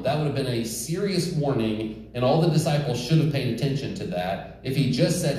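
Male preacher, mellow tone, heavy church echo, heard at a distance, emphatic sermon delivery with light humor. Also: mid-range voice, expressive, fairly quick, few pauses. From rural United States. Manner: earnest, emphatic, joking asides to the congregation. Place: church sanctuary. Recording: echoey church hall, distant mic.

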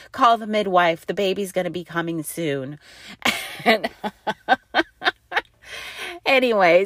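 A woman's voice: fairly low pitch, a bit bright, no room sound, clean studio sound. A middle-aged woman telling a family story in a chatty, rambling way, full of restarts and quoted dialogue. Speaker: mother telling a birth story. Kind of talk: casual storytelling.

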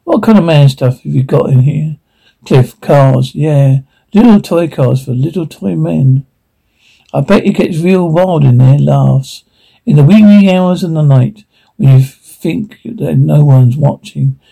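A man speaking TV drama dialogue in a weary, gruff way, with a gravelly, husky voice. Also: on the high side, unhurried, warm tone, full character voice.

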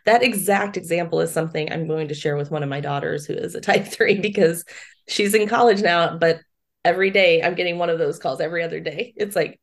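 A woman's voice: fairly low pitch, brisk. A middle-aged woman hosting a podcast, affirming her guest and explaining ideas plainly. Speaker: podcast host. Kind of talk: casual podcast chat.

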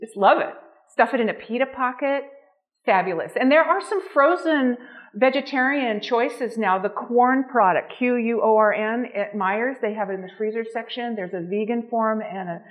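On a lo-fi recording, a woman with a slightly high voice speaks at a moderate pace. She's demonstrating live in a nutrition and cooking class for a small group, bubbling over with enthusiasm.

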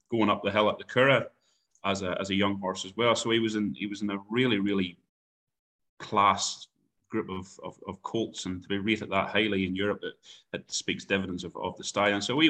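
A young man with an Irish accent talks about his work on a horse stud. His voice sits fairly low but sounds bright and forward. He speaks haltingly, repeating words and filling gaps with ums. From Ireland. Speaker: stud farm manager. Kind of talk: phone interview chat.

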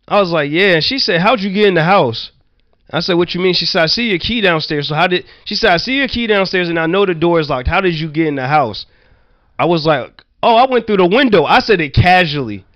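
A man telling rambling childhood stories in a relaxed, profane chat, full of "like" and quick laughs. His voice sits a bit high for a man. The sound is dry and dull, with a slightly muffled, lo-fi edge. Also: no room sound. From Virginia, US. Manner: loose, profane, laughing anecdotes with many "like" fillers. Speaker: storyteller. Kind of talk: casual storytelling chat.

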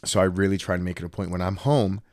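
A man in his thirties talks bluntly on a podcast, voice pitched on the low side. He tells his stories with animation and slips into other people's voices. The sound is dry and close. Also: steady tone, quick pace, darkish tone, no room sound. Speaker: podcast host. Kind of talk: casual podcast chat.

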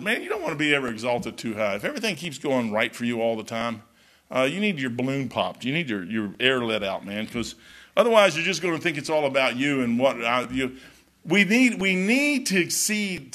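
Folksy preacher man, bright voice. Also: mid-range voice. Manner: folksy, storytelling, animated, says "man" often. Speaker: pastor. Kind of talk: sermon.

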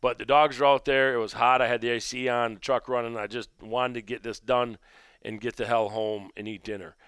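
A man hosting his own podcast, telling a story in a rambling, conversational way and dropping low and quiet when he recounts his own remarks. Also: level tone, brisk, clean tone, no echo, clean studio sound. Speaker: podcast host and gun shop owner. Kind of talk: casual storytelling monologue.

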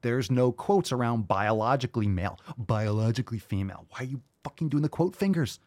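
Crude, lively male podcast host. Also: medium pitch, fairly quick, dry recording. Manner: crude, sarcastic, swears a lot; animated, reads viewer comments aloud. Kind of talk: casual livestream chat.

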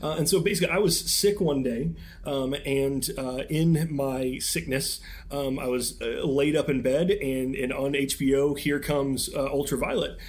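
A young man hosting a movie podcast, talking loosely and casually. He wanders through his points with fillers and false starts, often breaking into laughter, at an ordinary middle pitch. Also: steady tone, normal speed, few pauses. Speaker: podcast co-host. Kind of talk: casual chat.

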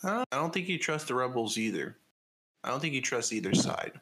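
A man co-hosting a casual podcast, talking hesitantly with plenty of ums and frequent laughs. His voice sits at an ordinary middle pitch. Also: big pitch swings, brisk, bright, forceful tone. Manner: hesitant, many fillers, laughs often. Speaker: podcast co-host. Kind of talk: casual chat.

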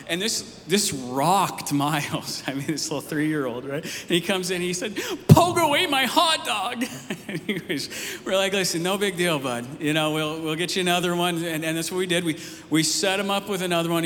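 Male pastor, slightly high voice, relaxed sermon storytelling, long hall echo with faint hiss. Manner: casual storytelling, rising emphatic near the end. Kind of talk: conversational sermon. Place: church sanctuary.

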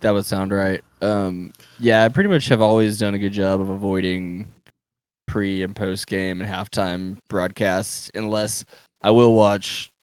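A man's voice: lowish voice, steady tone, unhurried, darkish tone, smooth, dry recording. A man co-hosting a sports podcast, chatting in an easygoing way and laughing often between phrases. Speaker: podcast co-host. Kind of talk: casual sports chat.

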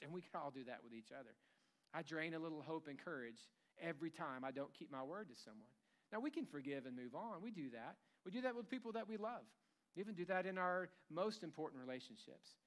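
A man's voice: on the high side, animated, fast talker, a bit bright. A man preaching a sermon in a church, conversational and humorous, acting out bits of everyday dialogue. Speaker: pastor.

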